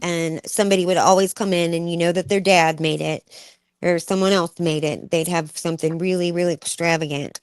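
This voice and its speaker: Woman host, casual chat, lowish tone, close and dry. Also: fairly even intonation, a little fast, smooth, no echo. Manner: chatty, laughs often.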